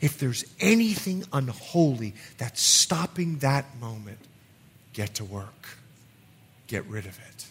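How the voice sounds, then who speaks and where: A man preaching a sermon as pastor, building to emphatic outbursts and easing into soft, quiet appeals. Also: medium pitch, sing-song, takes it slowly, a little hiss or hum.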